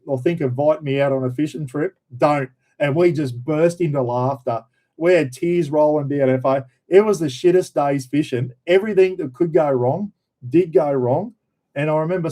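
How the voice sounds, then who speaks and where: An Australian man casually telling a story, acting out other people's shouted lines and laughing as he talks. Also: a little high. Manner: animated, acts out quoted shouts, laughs mid-sentence. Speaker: vlogger, former police officer.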